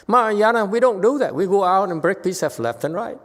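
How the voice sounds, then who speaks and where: Male Buddhist teacher, animated dharma talk, long temple-hall reverb. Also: high-pitched, brisk, hardly any pauses. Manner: animated, emphatic, voices dramatic quotes. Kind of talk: dharma lecture.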